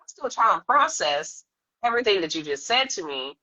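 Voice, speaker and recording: On slightly dull lo-fi audio, a woman of medium pitch talks at a moderate pace. She's a podcast guest in a candid interview, telling her own story in a lively way, laughing frequently and acting out others' words.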